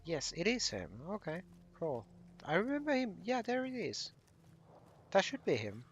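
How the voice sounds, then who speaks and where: A gaming channel host gives casual let's-play commentary, rambling and often correcting himself as he plays. His voice is high with huge pitch swings, at a normal pace. Faint music sits behind him.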